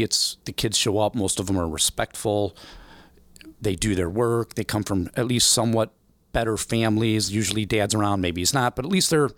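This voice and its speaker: A man in his forties from the American Midwest, telling stories in an interview, animated and acting out voices in the quotes. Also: lowish voice, no room sound. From Illinois, USA. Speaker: guest. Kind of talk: storytelling interview.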